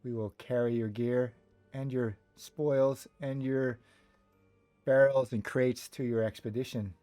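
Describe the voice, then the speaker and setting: A man's voice: medium pitch, fairly even intonation, a little slow, mellow, no room sound, faint music behind, lightly acted. A man voicing a stern, protective river-boat captain in a tabletop game, speaking in clipped, broken grammar. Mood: firm.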